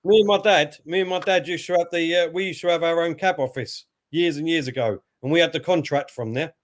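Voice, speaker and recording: Higher-voiced man commentating. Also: fairly quick. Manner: excitable over goals, reads viewers' messages. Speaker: co-host of a football watchalong. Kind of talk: casual live commentary and chat.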